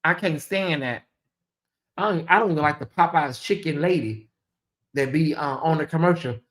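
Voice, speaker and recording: A man hosting a casual livestream, sassy and animated, often mimicking voices. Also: a little high, moderate pace. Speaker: host.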